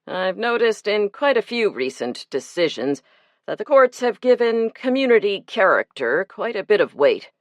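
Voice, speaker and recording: A woman narrator voicing a calm, lawyerly man who speaks in a measured, reasoning way. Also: mid-range voice, dry recording, voice pushed up, close to an everyday voice.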